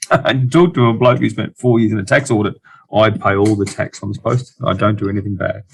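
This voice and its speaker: Fast-talking gravelly Australian man. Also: lowish voice, fairly even intonation. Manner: quick, blunt, full of restarts and dry jokes. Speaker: startup investor guest. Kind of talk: casual interview chat.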